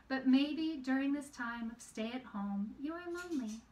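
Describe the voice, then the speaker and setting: A woman with a high voice tells a children's story in a gentle, sing-song way, voicing little sound effects as she goes. Her voice sits a bit back from the mic. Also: lively intonation, moderate pace, hardly any pauses, far from the mic, poor audio. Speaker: puppeteer and storyteller.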